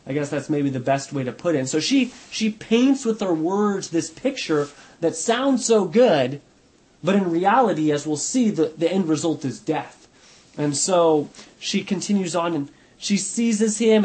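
A man's voice: a little high, expressive, moderate pace, darkish tone. A man leading an informal Bible study, talking conversationally and thinking aloud as he explains a passage.

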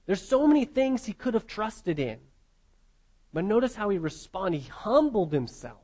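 A man's voice: high voice, sing-song, moderate pace, a little mellow. A man preaching an expository sermon, earnest and emphatic, often pressing his listeners with repeated rhetorical questions.

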